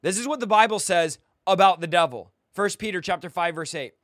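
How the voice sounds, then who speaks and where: A young man preaches with fire, confrontational and mocking, barking commands at his listeners. His voice sits high for a man. The sound is close and dry, with no room around it. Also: brisk, fairly bright tone, dry recording. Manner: exhorting, commanding. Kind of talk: fiery sermon.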